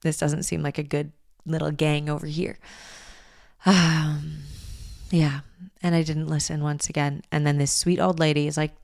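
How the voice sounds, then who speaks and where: A young woman hosting a podcast, telling a personal story in a candid, animated way and swearing freely. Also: deep voice, normal speed, creaky, no echo, studio quality. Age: young adult. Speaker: podcast host. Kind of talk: casual storytelling monologue.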